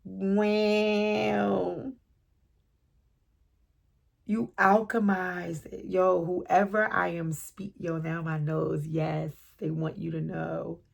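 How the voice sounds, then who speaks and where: A middle-aged woman giving a spontaneous tarot reading, excitable and full of slang, laughing and breaking into snatches of song. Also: fairly low pitch, drawn-out words, creaky. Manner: excitable, laughing, slang-heavy, bursts into singing. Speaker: tarot reader.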